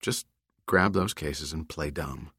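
A man's voice: very deep voice, takes it slowly, pushed and bright, husky, no echo, voice pushed down, exaggerated voice. A man voicing an adult woman TV journalist in an audiobook, speaking in a dry, slightly scornful way.

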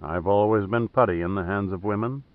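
A man voicing a capable, calm man who gives measured instructions, read in an audiobook. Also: lowish voice, dry recording, lightly acted. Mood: wry. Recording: tinny phone-like dry sound.

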